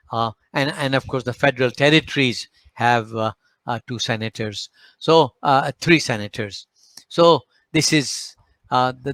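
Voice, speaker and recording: A man with a Malaysian English accent giving a formal slide presentation in a measured, emphatic lecturing manner with occasional hesitations. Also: medium pitch, a bit bright, no echo. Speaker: speaker at a panel forum.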